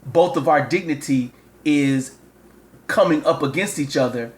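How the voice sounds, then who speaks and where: Rambling, lecturing dad. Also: male voice, fairly high pitch, unhurried. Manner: rambling, repeats himself, lecturing. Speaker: father and show host. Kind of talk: comic rambling phone call.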